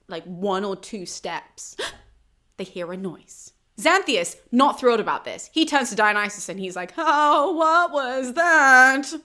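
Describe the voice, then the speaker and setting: A woman hosting a casual summary of an ancient play, chatty and animated and laughing often. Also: medium pitch. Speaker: host of a classics explainer channel.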